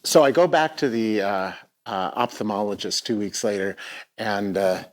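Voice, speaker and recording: A man's voice: fairly low pitch, normal speed. Middle-aged male speaker, reflective storytelling talk, hesitant restarts, live theatre stage. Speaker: keynote speaker.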